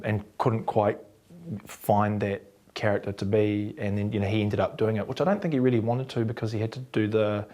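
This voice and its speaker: A man with a New Zealand accent, an actor telling anecdotes in an interview and acting out what others said. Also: on the low side. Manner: animated, acts out quotes of others.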